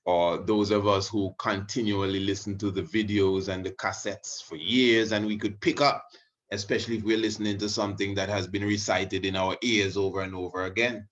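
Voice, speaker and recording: In muffled lo-fi audio, a male religious video host wanders through a casual teaching monologue, full of asides, you-knows, and false starts. He speaks at a normal pace in a fairly low, steady voice that's a bit bright.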